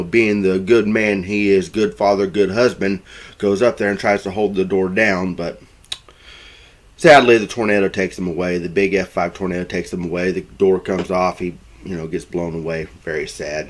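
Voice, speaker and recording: A man casually retelling a film plot, rambling with many fillers and restarts. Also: lowish voice. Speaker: film reviewer.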